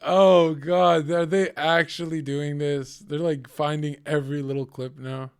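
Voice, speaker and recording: A man's voice: a little high, flat delivery, measured pace, clean tone. A man streaming live, reacting to clips with profane, rambling commentary.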